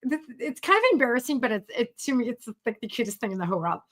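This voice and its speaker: A woman's voice: fairly high pitch, lively intonation, fast, fairly bright tone. A middle-aged woman coaching creatives on a live stream, chatting casually and animatedly with many fillers and acted-out quotes.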